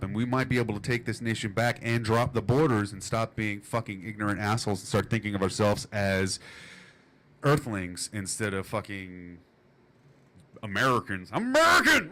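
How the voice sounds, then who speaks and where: A man's voice: mid-range voice, a bit bright. A man guesting on a casual podcast, telling stories with lots of swearing. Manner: profane, breathless storyteller. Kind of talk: casual storytelling.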